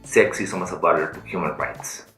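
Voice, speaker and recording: A man plays an earnest office director in an educational skit, speaking matter-of-factly in a low voice. The room is echoey, and clear music plays underneath. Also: steady tone, moderate pace, distant mic, close to an everyday voice. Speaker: actor in a skit.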